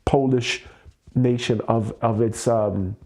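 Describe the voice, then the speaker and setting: A man's voice: mid-range voice, steady tone, slow, a little mellow. A man venting his frustration in an emotional livestream monologue, swearing and repeating himself. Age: adult with a child. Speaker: host.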